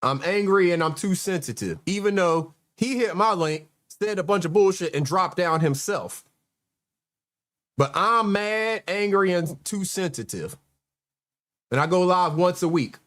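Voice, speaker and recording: Man, host, sarcastic commentary, exasperated, high voice. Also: expressive, a little slow, a bit bright. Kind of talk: livestream commentary.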